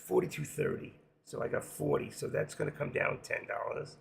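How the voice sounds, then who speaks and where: A hoarse man hosting a live trading stream, rambling casually to himself and his viewers as he works through charts. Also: medium pitch, fairly quick, a little hiss or hum. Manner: rambling, talks to himself while working charts. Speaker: livestream trading host.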